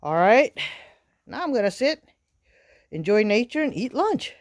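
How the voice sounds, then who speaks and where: A woman's voice: fairly high pitch, big pitch swings, a little slow, a little mellow. A woman, vlogging in a casual, rambling way with many fillers from a small wooden shack in the winter woods. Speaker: outdoor vlogger. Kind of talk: casual chat to camera.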